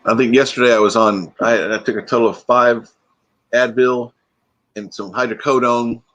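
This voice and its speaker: A man hosts a relaxed live stream, talking in a loose, rambling way as he greets viewers and reacts to their comments. His voice sits at an ordinary middle pitch. He sounds like he only just woke up. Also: normal speed. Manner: chatty, reads viewer comments aloud and answers them. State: groggy, freshly woken. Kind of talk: casual live stream chat.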